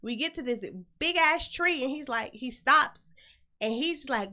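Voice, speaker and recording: A middle-aged woman with a high, bright voice tells a story to her listeners. She talks bluntly and swears freely, and she keeps the telling animated. The setting is a casual hosted chat. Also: moderate pace. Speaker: host.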